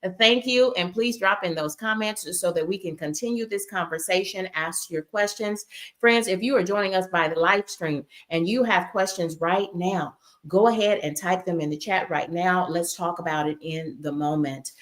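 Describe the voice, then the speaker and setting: A woman's voice: lowish voice, normal speed, fairly bright tone. A woman hosting a live stream, chatting casually and addressing viewers directly as y'all.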